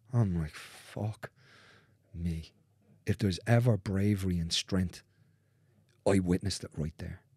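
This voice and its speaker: Earnest, deep-voiced man. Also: darkish tone, breathy edge, no echo, clean studio sound. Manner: earnest, repetitive, swears freely. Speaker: guest. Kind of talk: candid conversation.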